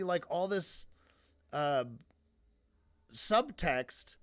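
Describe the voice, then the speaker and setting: Slow-talking man rambling on stream. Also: sits high, fairly bright tone, no room sound, studio quality. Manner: rambling, self-interrupting, swears freely. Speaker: streamer reacting to a video. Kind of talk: casual reaction commentary.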